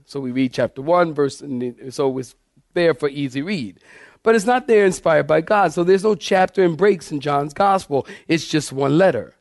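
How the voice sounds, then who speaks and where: A man's voice: fairly high pitch, no echo, studio quality. A man preaching an expository sermon, reading scripture aloud and calling his congregation saints, with emphatic shifts in pace and volume. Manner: preacher addressing congregation as saints, asking them to follow along. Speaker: pastor.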